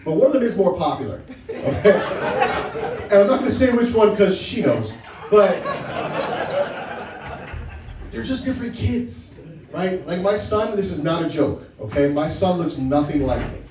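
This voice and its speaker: A man with a high voice delivers stand-up in short, punchy beats, teasing and checking in with "right?". The sound is roomy and echoey, and the mic is a bit far from him. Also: sing-song, normal speed, long pauses, crowd noise. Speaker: stand-up comedian. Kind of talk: stand-up set.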